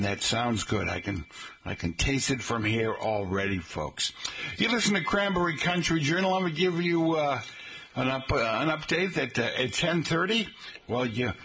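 A middle-aged man hosting a local radio show, chatting in a folksy way and slowly spelling out details for listeners. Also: mid-range voice, fairly bright tone, a little hiss or hum. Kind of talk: casual radio talk. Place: radio studio.

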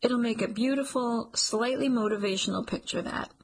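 A woman reading a first-person story aloud with dry, wry timing and quiet whispered asides. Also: a little high, moderate pace, slightly rough, poor audio. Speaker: narrator. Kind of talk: first-person audiobook narration.

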